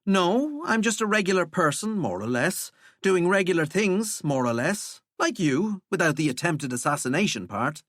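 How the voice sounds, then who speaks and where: A man's voice: high-pitched, big pitch swings, normal speed, hardly any pauses, a bit bright, no echo, voice pushed up, full character voice. A man voicing a wry, sarcastic young woman with a dry, teasing delivery.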